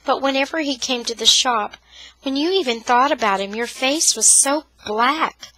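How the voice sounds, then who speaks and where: A frightened young girl from a storybook reading, soft and breathy, pleading, voiced by a woman. The voice is bright and lifted, recorded close and dry. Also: high-pitched, moderate pace, dry recording, pitched above the performer's own voice, low-quality recording.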